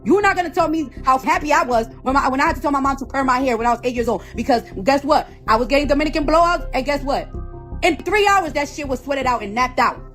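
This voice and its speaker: A woman's voice: high-pitched, expressive, quick pace, fairly bright tone, soft background music. A woman ranting off the cuff as the founder of a hair product, profane and confrontational, repeating phrases over and over. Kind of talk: heated off-the-cuff rant.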